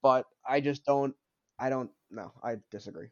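A man's voice: mid-range voice, normal speed, dry recording, highs cut off. A young adult man co-hosting a casual sports podcast, opinionated and arguing back, often repeating himself. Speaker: podcast co-host.

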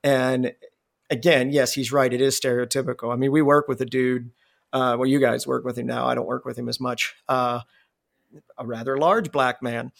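A man's voice: medium pitch, little pitch movement, moderate pace, vocal fry. A man hosting a podcast in casual chat, rambling and profane, restarting his words. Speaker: podcast host.

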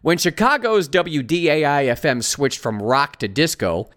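Male host, sarcastic news commentary, higher voice with a lively, swinging delivery. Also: normal speed. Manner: mocking, sarcastic asides.

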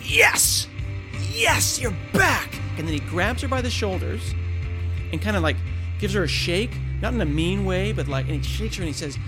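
A man telling an animated anecdote as a podcast guest, acting out excited voices in between. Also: high-pitched, a little fast, over music. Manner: acts out excited child voices loudly.

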